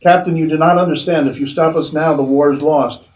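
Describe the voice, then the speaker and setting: A man's voice: on the high side, steady tone, fairly quick, a little mellow, reverberant, far from the mic, voice pushed up, close to an everyday voice, rough recording. A man reading as a hissing sinister cult major. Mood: menacing. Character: menacing male German army major cultist.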